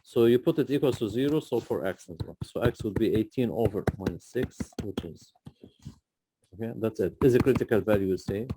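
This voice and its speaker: A man's voice: fairly low pitch, brisk, background noise. A man tutoring a student through a math problem, patient and often checking in with "okay?". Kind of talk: live tutoring session.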